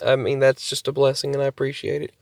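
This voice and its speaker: A man's voice: medium pitch, completely flat delivery, fast talker, gravelly, darkish tone, dry recording, clean studio sound. A man telling a rambling story to camera for his channel, often repeating and restarting his sentences. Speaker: vlogger.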